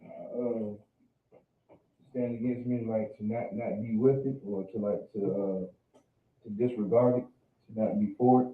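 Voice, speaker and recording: Man, student in Bible class, halting answers full of fillers, far from the mic, tinny echoing sound. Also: on the low side, steady tone. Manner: hesitant, halting, many fillers. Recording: distant, tinny, echoey room recording.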